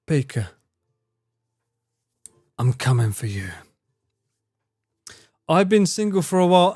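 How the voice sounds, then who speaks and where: A man's voice: a little high, sing-song, takes it slowly, pauses often, darkish tone, dry recording. A young man streaming live, chatting with his viewers in a teasing, mock-outraged way and swearing freely. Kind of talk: casual live-stream chat.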